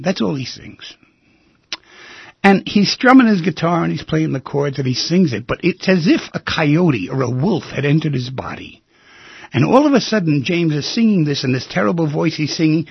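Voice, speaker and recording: A man hosting a radio talk show from a studio, telling a personal story in an emphatic, intimate way that swings between loud and hushed. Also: a little high, lively intonation, moderate pace, creaky, breathy edge, no room sound, dull audio.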